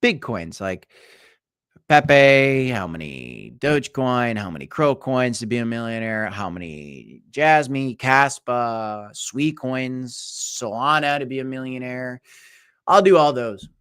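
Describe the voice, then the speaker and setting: A young man hosting a casual crypto livestream, talking in a rambling, animated way that swings between loud and quiet. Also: mid-range voice, slow, smooth. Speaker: crypto show host. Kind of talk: casual livestream market chat.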